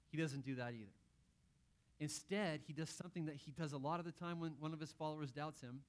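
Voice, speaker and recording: A man's voice: a little high, fast talker. A man preaching a conversational sermon, acting out quotes with playful asides. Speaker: pastor.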